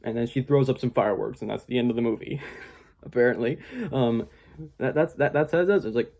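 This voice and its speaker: A man's voice: mid-range voice, brisk, gravelly, a little mellow. A young man giving a casual spoken movie review, rambling with many fillers and mocking quoted voices.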